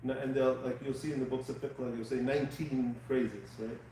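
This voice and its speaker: Male teacher, patient lecturing style, mellow tone, echoey room heard from a distance. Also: medium pitch, level tone, a little fast, a little hiss or hum. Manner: patient, checks with students. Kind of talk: live class teaching. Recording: echoey room, mic far off.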